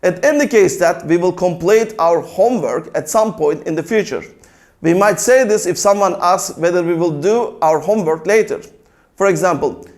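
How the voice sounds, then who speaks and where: A man with a notably high voice delivers a scripted language lesson. He recites vocabulary slowly and deliberately, pausing after each word, then moves into calm, orderly grammar explanations. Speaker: language teacher.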